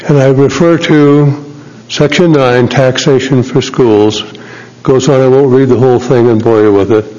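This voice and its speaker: A man, a state legislator, making a formal floor speech in a legislative chamber, measured and deliberate, pausing and restarting as he goes. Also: medium pitch, fairly even intonation, mellow. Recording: dull audio with long chamber reverb.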